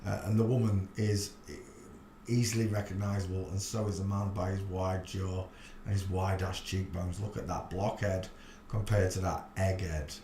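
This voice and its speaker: A man's voice: low voice, little pitch movement, moderate pace, warm tone. A man hosting a casual livestream, rambling and thinking aloud with crude jokes. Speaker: livestream host. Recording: echoey room, faint background noise.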